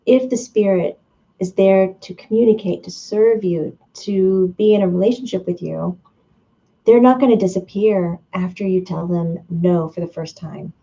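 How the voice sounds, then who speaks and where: Woman, live-stream host, playful and chatty, mellow tone, dull lo-fi sound. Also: medium pitch, moderate pace. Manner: laughs often, playful and chatty; reads viewer comments aloud. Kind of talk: casual live-stream talk.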